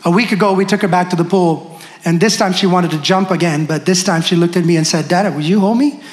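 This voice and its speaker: A man preaching a sermon, telling a personal story and speaking straight to the congregation in an animated way. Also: sits high, fast. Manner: animated, addresses the congregation directly. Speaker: pastor. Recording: echoey room.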